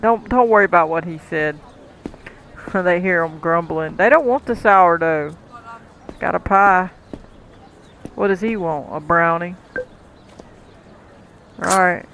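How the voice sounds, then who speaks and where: While playing a cooking game, a man with a high-pitched voice offers chatty commentary, addressing the in-game customers and chuckling frequently. Background noise is audible.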